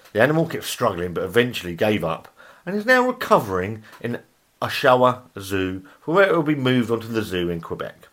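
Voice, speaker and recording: A man reads bizarre headlines for his comedy podcast, his pitch bouncing all over the place. He trips over words, cuts in with asides and swears freely. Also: sing-song, a little fast, a bit bright. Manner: reads headlines aloud, breaks off to laugh and riff; stumbles over words and apologises. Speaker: podcast host. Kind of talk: comedic news reading.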